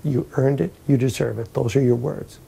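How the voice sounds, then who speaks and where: A priest voicing a stern, solemn saint judging at heaven's gate. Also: male voice, mid-range voice, steady tone, normal speed, vocal fry, warm tone, slight background noise. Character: stern gatekeeper saint, elderly man.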